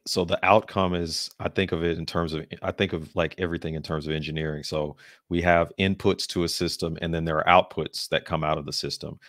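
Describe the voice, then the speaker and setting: Very deep-voiced podcast host. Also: male voice, no echo, clean studio sound. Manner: thinks aloud, explaining ideas in engineering terms; laughs easily, gives short affirmations. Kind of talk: casual conversational interview.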